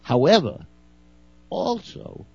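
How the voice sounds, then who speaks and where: Male radio co-host, gravelly voice, rambling explainer, dry, slightly dull sound. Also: fairly high pitch, sing-song, takes it slowly, no room sound. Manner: rambling, explaining step by step with fillers. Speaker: radio talk show co-host. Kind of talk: casual on-air chat.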